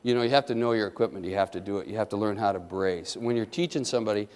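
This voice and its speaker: A man's voice: fairly low pitch, very fast, darkish tone. A man, a surgeon, giving a live hands-on demonstration to an audience, coaching step by step in a folksy, joking way and checking in often. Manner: coaching, keeps checking in with "okay?". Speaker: surgeon teaching knot tying. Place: lecture hall with an audience. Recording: long hall reverb.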